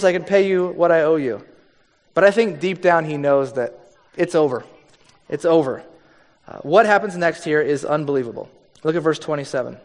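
A man's voice: fairly high pitch, moderate pace, in a large hall. A man preaching a sermon, reading scripture and acting it out in a conversational way. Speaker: pastor.

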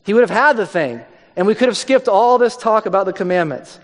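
A man preaching a sermon in a conversational way, dropping his voice low for emphasis. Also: animated, fairly quick. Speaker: pastor. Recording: long hall reverb.

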